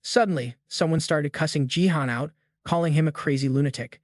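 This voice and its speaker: A man tells a comic recap in a brisk, slangy way. His voice sits a touch higher than most men's, recorded close and dry with no room sound. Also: no echo. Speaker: recap narrator. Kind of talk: scripted recap narration.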